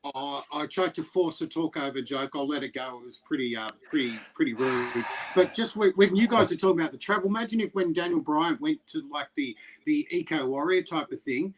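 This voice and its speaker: A man in a casual chat who makes quick joking asides. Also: fairly high pitch, background noise.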